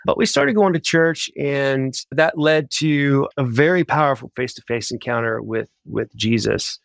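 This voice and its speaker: A man's voice: mid-range voice, moderate pace, creaky, no echo. Man telling his story, dry sound. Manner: animated, full of "like" and quoted inner voices. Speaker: guest sharing a faith testimony. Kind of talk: casual storytelling.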